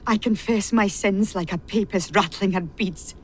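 A woman's voice: medium pitch, moderate pace, close to an everyday voice. An actress playing a bitter, repressed woman who has served a family since childhood, pouring out a venomous confession in a radio play.

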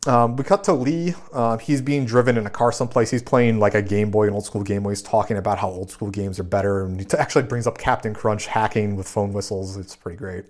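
A man's voice: on the low side, fast, hardly any pauses. A man hosting a podcast, casually recapping a film scene by scene with many fillers. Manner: relaxed, filler-heavy recap. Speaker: podcast host.

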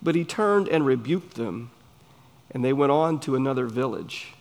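A man with a Southern US accent, preaching a sermon in an earnest, emphatic way with pauses between phrases. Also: mid-range voice, expressive, a little mellow. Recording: long hall reverb.

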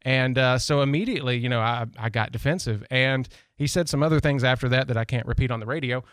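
Southern man, radio host, rambling storyteller, average pitch, dry close sound. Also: quick pace, fairly bright tone, clean tone, no room sound. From Tennessee, US. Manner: rambling storyteller, frequent restarts and "you know". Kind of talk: casual monologue.

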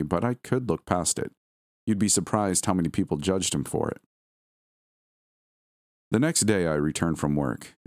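Deep guy reading a story out loud, bouncy delivery, dry close mic. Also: no echo. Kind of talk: first-person story narration.

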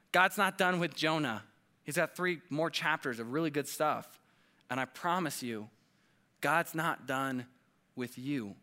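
A man's voice: mid-range voice, moderate pace, pushed and bright. A man preaching a conversational sermon, earnest and casual, often tagging his points with "like" and "right?".

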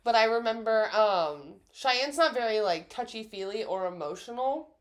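A woman's voice: fairly high pitch, moderate pace. A woman in her twenties co-hosting a podcast, telling stories in casual chat and acting out quotes with laughter. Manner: lively storyteller who acts out quotes with laughter. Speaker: podcast co-host.

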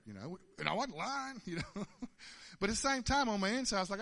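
Guy in his 50s telling church stories, stumbles and repeats words, bright voice. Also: high voice, very animated, a little fast. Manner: folksy, stammering, repeats words, chuckles often. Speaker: church speaker. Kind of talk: conversational testimony.

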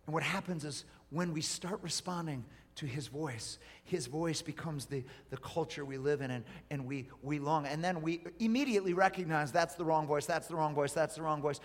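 A pastor preaching a sermon, swinging from hushed whispers to loud, urgent appeals. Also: male voice, on the high side, moderate pace, few pauses, long reverb tail.

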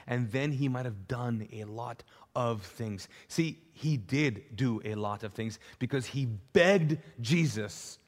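Man preaching in an echoing church. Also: mid-range voice. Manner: animated, repetitive storytelling. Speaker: pastor. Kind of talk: sermon. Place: large church auditorium. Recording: live church hall with long reverb.

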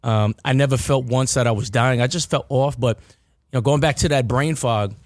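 A man's voice: medium pitch, moderate pace, dry recording. Rambling man on a podcast, dry sound. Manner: rambling, repeats words and restarts. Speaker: podcast host. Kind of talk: casual chat.

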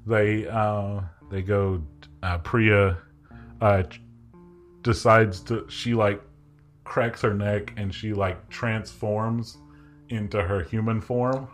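A male game master narrates in a deep, unhurried voice, chatty and relaxed. Faint guitar music plays in the background. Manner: relaxed, chatty, many fillers.

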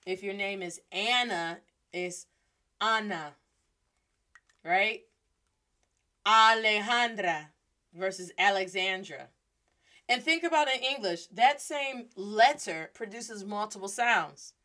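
A woman's voice: medium pitch, lively intonation, unhurried, hardly any pauses, sharp tone. A woman hosts a playful Spanish lesson, moving between English and Spanish with rhythm and humor. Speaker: Spanish teacher and host. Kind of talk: lively language lesson.

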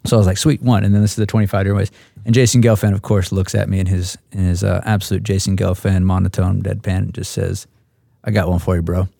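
Gravelly, halting male pilot storyteller. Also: deep voice, level tone, warm tone, dry recording, studio quality. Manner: halting, repeats words, restarts. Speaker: helicopter instructor pilot. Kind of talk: roundtable storytelling.

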